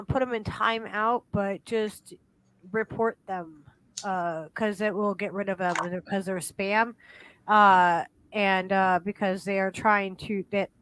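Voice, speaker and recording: A woman's voice: mid-range voice, fairly bright tone, clean tone, no room sound. A woman co-hosting a casual podcast chat, blunt and indignant, swearing freely. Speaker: podcast co-host.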